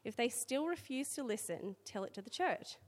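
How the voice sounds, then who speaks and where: A woman church speaker with an Australian accent delivers a conversational sermon, reading scripture and dropping in chatty asides and filler words between passages. Her voice is on the high side and expressive, at a normal speed, with long hall reverb around it.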